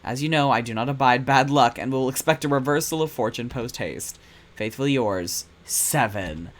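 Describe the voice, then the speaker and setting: A man's voice: mid-range voice, moderate pace, close to an everyday voice. A man reading as a cold, shadowy boss. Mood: cold, menacing. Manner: formal, clipped and menacing. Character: cold, shadowy boss who signs with a number.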